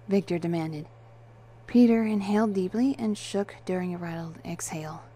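A woman's voice: lowish voice, fairly even intonation, brisk, warm tone, slight background noise. A woman narrating a first-person story in a dry, wry and detached manner.

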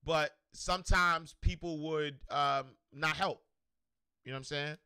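A man hosting a motivational livestream, animated and slangy, repeating himself and shouting out viewers. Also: a little high, unhurried, clear, resonant tone, dry recording, studio quality. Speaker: show host.

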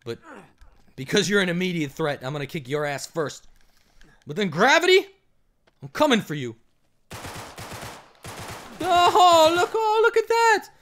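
A man doing let's play commentary, excitable, swinging between yelling and muttering. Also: high-pitched, unhurried, long pauses. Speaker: gameplay commentator.

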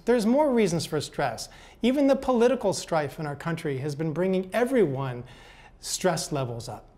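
An older man giving a motivational talk, telling gentle, folksy stories and often repeating words as he goes. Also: high voice. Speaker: speaker.

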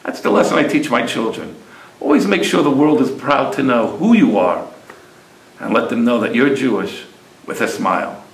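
A man's voice: medium pitch, lively intonation, normal speed, echoey room, poor audio. A man in his fifties telling a personal story as a religious lesson, acting out the voices of the people in it. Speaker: religious teacher.

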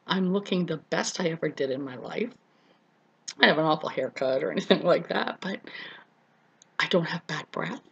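Addressing her viewers as friends, a middle-aged vlogger earnestly recounts her own story, repeating words for emphasis. Her fairly low voice carries vocal fry and sounds slightly rough, with dull audio.

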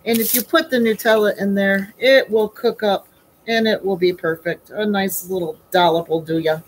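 A woman's voice: medium pitch, fairly even intonation, moderate pace, a little hiss or hum, rough recording. Chatty woman baking at home. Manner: chatty, asks rhetorical questions, calls viewers honey and sweetie. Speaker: home baker and host. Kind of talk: chatty live baking demo.

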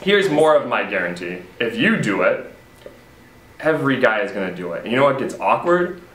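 A man's voice: medium pitch, sing-song, normal speed, fairly bright tone. Wry lecturing male host. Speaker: host of school segment. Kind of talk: comic advice segment. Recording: echoey room.

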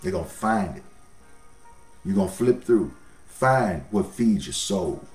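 A man's voice: sits low, lively intonation, measured pace, a little mellow, roomy sound, distant mic, faint music behind. A man preaching a sermon as pastor, folksy, his voice swelling up and dropping down.

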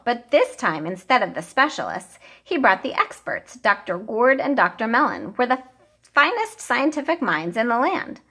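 A woman teacher reading a children's picture book aloud, with expressive, animated storytelling. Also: fairly high pitch.

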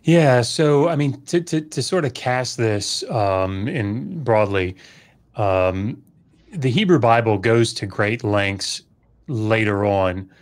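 A man, a scholar being interviewed, explaining things at length in a measured way with frequent fillers. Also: fairly low pitch. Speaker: scholar guest. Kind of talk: casual expert explanation.

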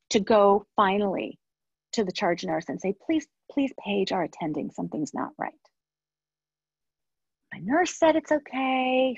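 A woman with a husky, breathy voice tells a personal story at a webinar in an earnest way and circles back on her phrases. The sound is dry and a little dull, like muffled webinar audio. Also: medium pitch, no room sound. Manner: earnest storytelling, with repetitions and soft trailing asides. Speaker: webinar speaker and NICU parent. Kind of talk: personal story within a professional talk.

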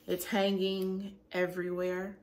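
A woman, chatting casually in a vlog with a sore throat, animated and laughing often. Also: mid-range voice, slow, a little hiss or hum. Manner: animated, laughs often, acts out her own reactions. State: sore throat after a cold. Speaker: vlogger.

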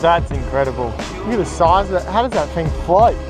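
Chatty Australian guy, slightly high voice. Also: animated, brisk. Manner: chatty, joking, self-mocking. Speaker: fishing vlogger. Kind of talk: casual running commentary. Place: outdoors on open water on a small raft. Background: music.

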